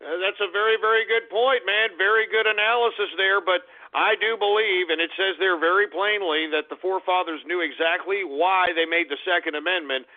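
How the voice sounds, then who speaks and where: Male radio host, higher voice, winded and cursing, angry flare-ups between mumbled asides; narrow phone-like sound. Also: steady tone, fairly quick, few pauses. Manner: swearing, agitated, ranting bursts then muttering. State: winded, lightheaded. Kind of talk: call-in radio talk. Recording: tinny phone-like call-in audio.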